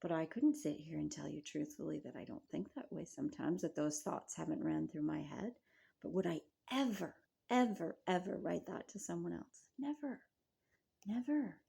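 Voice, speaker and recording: Middle-aged lady coach, soft measured talk, mellow voice with gravel in it, lots of "right?". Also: sits low. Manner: gentle, measured, with soft asides and rhetorical questions. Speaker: midlife wellness coach. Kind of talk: reflective talk to camera.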